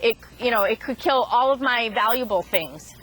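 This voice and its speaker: Woman, somewhat high voice, casual vlog talk, halting restarts, fillers. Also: lively intonation, a bit bright, rough recording. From Boston area. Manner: halting, many restarts and fillers, chuckles at herself. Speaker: chicken farm vlogger. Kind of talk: casual rambling monologue.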